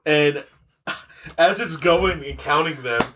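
A man's voice: a little high, slow pace, background noise. A man co-hosting a podcast, telling stories in casual profane chat, often laughing. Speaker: podcast co-host.

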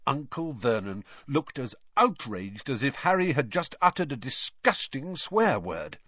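A man narrating a storybook in an expressive, dramatic reading. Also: mid-range voice, a little slow, no room sound. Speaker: audiobook narrator. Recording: dry, slightly dull recording.

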